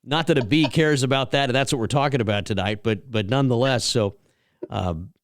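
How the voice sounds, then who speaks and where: A man's voice: mid-range voice, fairly quick, no room sound, studio quality. A middle-aged man hosting a casual farm radio chat, rambling through folksy stories with plenty of fillers. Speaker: radio show host.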